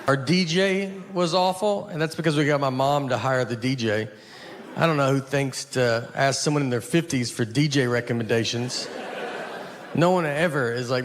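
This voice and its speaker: A man with a Southern US accent telling stand-up stories in a dry, deadpan way. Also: mid-range voice, moderate pace, noisy background. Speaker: stand-up comedian. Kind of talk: stand-up set and talk show chat.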